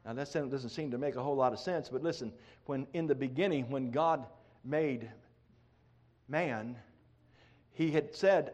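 A middle-aged man preaching a sermon, acting out prayers in a raised pleading voice, then dropping low. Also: normal speed, darkish tone.

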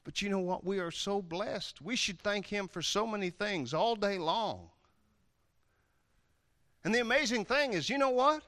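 A man preaching with a high, very bright voice that rings sharply. He is playful and animated, leaping from loud outbursts to hushed asides, on a close, dry recording. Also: a little slow, no echo. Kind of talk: animated sermon.

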